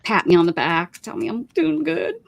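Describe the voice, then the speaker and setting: A woman's voice: mid-range voice, very animated, normal speed, vocal fry, highs cut off, slight background noise. Chatty woman hosting a craft stream, goes off on rants, voice bounces all over. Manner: rambling, emphatic, ranting about pet peeves. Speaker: craft livestream host. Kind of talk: casual chat.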